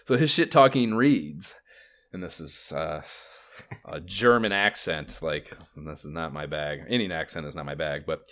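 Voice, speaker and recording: A man co-hosting a gaming podcast in casual chat, animated and enthusiastic, swearing freely. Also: extremely low pitch, normal speed. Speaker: podcast co-host.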